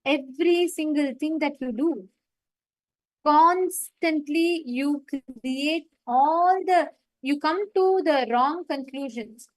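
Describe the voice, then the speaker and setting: High-voiced woman teaching online. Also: slow pace, dry recording, low-quality recording. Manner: storytelling, repeats and stresses points. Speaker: meditation program facilitator. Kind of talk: teaching on a live online session.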